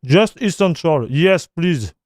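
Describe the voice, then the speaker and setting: A man with a French accent chats casually on a live tech stream, taking his time and often trailing into fillers. His voice sits a bit high for a man. The sound is close and dry, with no room echo. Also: expressive, slow pace, a little mellow. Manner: loose and chatty, with many fillers and repeated words. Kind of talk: casual livestream chat while installing software.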